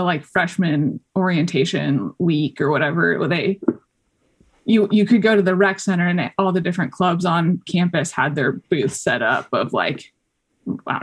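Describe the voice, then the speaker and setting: Gravelly, husky young woman chatting casually. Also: on the low side. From Colorado. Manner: chatty, many fillers, acts out quoted voices. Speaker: podcast guest, climber. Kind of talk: casual interview chat.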